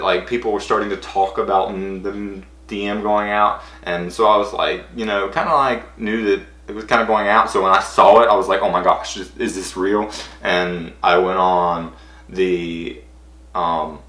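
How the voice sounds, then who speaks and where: A young man with a bright, forceful voice pitched a little low tells a story for his vlog. He rambles with excitement and keeps stacking "and I was like". The room around him rings with echo. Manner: breathless, rambling, acts out quotes in high squeals. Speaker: vlogger.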